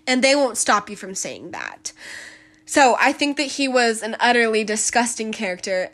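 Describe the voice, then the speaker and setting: A woman's voice: on the high side, bright, forceful tone. A woman hosting a solo podcast, talking bluntly and emphatically in a casual commentary style. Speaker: podcast host.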